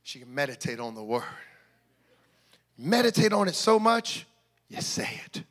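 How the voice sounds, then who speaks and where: A male pastor preaching a sermon, shouting in sing-song bursts and then dropping to quiet asides. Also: on the high side, big pitch swings, unhurried.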